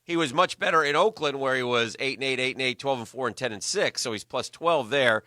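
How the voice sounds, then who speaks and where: A man's voice: mid-range voice, a little fast, bright, forceful tone, no echo, studio quality. A man co-hosting a sports radio show, bantering wryly about football records. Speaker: radio co-host. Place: radio studio. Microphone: studio mic.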